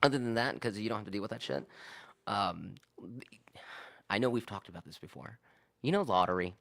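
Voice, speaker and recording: A man's voice: on the low side, fairly quick, gravelly. A man in casual podcast chat, retelling an argument with lots of swearing and quoted back-and-forth. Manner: animated, profane, acts out both sides of arguments.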